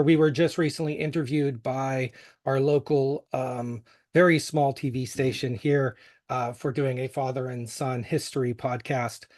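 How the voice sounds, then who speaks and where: A man's voice: fairly high pitch, darkish tone. A middle-aged American man with a faint Western Pennsylvania accent, a history podcast host giving a casual, joking conference talk full of fillers. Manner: joking, self-deprecating, many fillers.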